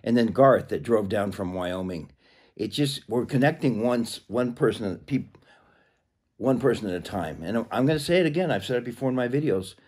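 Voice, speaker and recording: A man talking casually to camera in a rambling way, clearing a frog from his throat. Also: medium pitch, animated, moderate pace, a little mellow. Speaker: vlogger.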